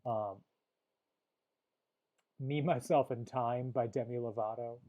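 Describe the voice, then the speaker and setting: A young man co-hosting a podcast, recapping a movie plot in casual chat with dry, deadpan jokes. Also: mid-range voice, slow pace. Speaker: podcast co-host.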